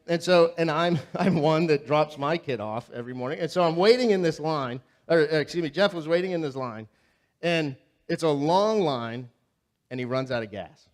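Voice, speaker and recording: Pitched a little high and moving at a moderate pace, this man's voice belongs to a pastor delivering a sermon in a church sanctuary. His voice is slightly raised and his style relaxed and chatty, as he animates humorous stories from daily life and repeatedly bounces questions back to the congregation.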